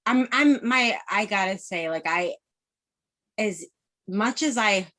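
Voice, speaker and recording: A woman's voice: mid-range voice, expressive, slow, fairly bright tone. A woman in her thirties, a podcast guest, talking candidly in casual chat and rambling with many fillers.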